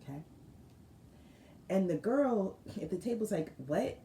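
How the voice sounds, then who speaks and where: A woman tarot reader telling a story with animated asides to her viewers. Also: medium pitch, unhurried. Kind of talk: storytelling spiritual reading. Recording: roomy room with faint noise.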